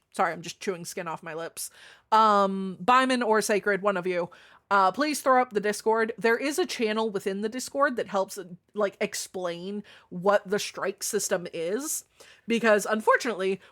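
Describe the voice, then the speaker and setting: A woman streamer chatting casually and reading her chat aloud, frank and playful, swearing freely and jumping up in pitch now and then. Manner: chatty with sudden jumps in pitch and loudness.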